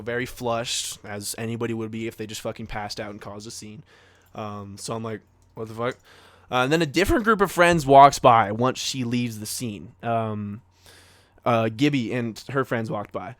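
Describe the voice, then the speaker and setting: A man's voice: mid-range voice, a bit bright, dry recording. A young man co-hosting a casual podcast, telling a story to friends in a rambling, profane way full of fillers and acted-out quotes. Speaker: podcast co-host.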